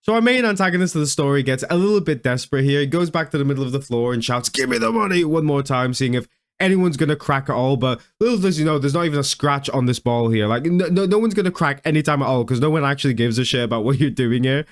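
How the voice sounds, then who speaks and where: A man's voice: medium pitch, fast, smooth. A young man doing comedic reaction commentary, mocking and laughing often, with stammers and restarts. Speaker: video commentator.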